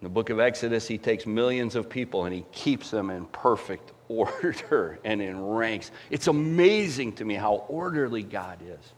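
A man preaching a sermon as pastor, emphatic and animated, swinging between loud swells and quiet drops. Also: on the low side, moderate pace, hardly any pauses, slight background noise.

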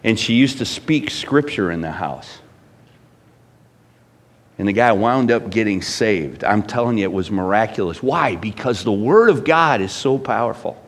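A middle-aged man preaching a sermon as pastor, emphatic, swinging between loud bursts and hushed lines. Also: fairly low pitch, lively intonation, normal speed.

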